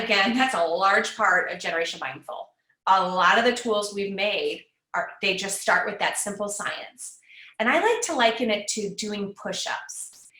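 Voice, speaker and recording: Over a video call, a woman speaks as a guest at a live online parenting summit, teaching in an encouraging, conversational way. Her mid-range voice has a sharp tone, and the recording is reverberant and low quality.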